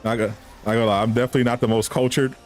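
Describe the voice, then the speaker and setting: A man's voice: mid-range voice, flat delivery, very fast, soft background music. A man chatting casually on a live stream, answering viewers with teasing banter and frequent laughs. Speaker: gaming streamer.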